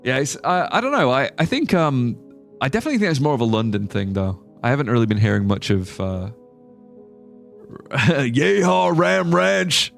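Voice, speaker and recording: This young male streamer talks fast and animatedly in a mid-range voice while playing a game, musing aloud in a rambling, filler-heavy way. It's casual live-stream chatter, and faint music can be heard underneath.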